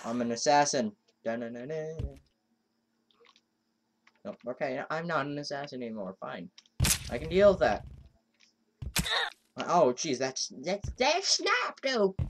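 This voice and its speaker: Excitable woman doing game commentary. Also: very deep voice, normal speed, pauses often, noisy background. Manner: excitable, exclaiming, frustrated self-talk. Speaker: let's play host. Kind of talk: gameplay commentary.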